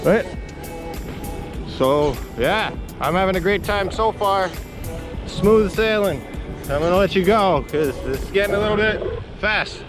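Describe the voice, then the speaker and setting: A man's voice: sits high, animated, measured pace, long pauses, over music. A man vlogging on a bike trail, out of breath, chatty and upbeat with frequent laughs. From Canada. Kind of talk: casual outdoor vlog.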